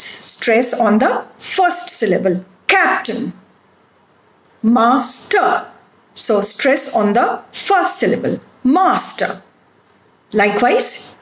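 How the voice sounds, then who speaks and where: Slow, deliberate woman lecturer, echoey room. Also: a little high. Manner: slow, deliberate, modelling words one by one. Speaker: university lecturer. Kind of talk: recorded phonetics lecture.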